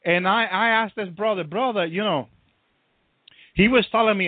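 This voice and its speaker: A man's voice: sits high, moderate pace, pauses often, dry recording. A man preaching, punctuating nearly every phrase with hallelujah and praise Jesus, repeating himself as he goes. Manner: constant hallelujahs and praise interjections, repetitive. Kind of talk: preaching sermon. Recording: tinny phone-like line, dry.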